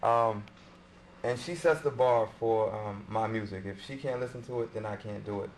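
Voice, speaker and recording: A man, a musician guest on a panel, speaking hesitantly with many pauses and ums. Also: lowish voice, a little hiss or hum, poor audio. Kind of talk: panel discussion.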